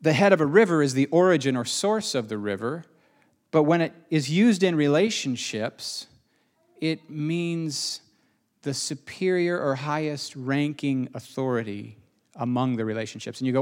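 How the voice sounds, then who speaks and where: A man's voice: fairly high pitch, moderate pace. Emphatic conversational male pastor preaching. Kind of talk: sermon.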